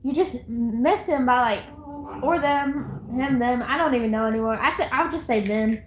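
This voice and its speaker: Woman streamer, high voice, chatty and giggly, echoey room. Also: normal speed, slight background noise. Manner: rambling, giggly, talks to chat and herself. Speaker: livestreamer. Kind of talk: casual live-stream chatter. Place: at home, indoors.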